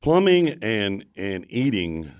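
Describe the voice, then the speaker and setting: A lower-voiced man is a guest on a radio talk show, joking around with many fillers and stumbles over repeated words. His pitch swings widely as he talks. The sound is close and dry, like a small studio. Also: very animated, slow, no room sound.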